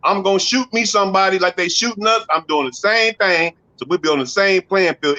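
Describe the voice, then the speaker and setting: Man, stand-up comedian, high voice, bright and forceful, rowdy profane delivery, dry dull club sound. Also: a little fast, hardly any pauses, dry recording. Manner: loud, rowdy, slangy delivery with acted-out voices.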